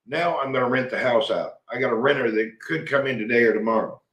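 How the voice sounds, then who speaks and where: A man's voice: medium pitch, quick pace, a bit bright. Middle-aged man, rambling live-chat host, folksy, echoey room. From Tennessee, USA. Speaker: livestream host. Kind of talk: casual live chat reading comments.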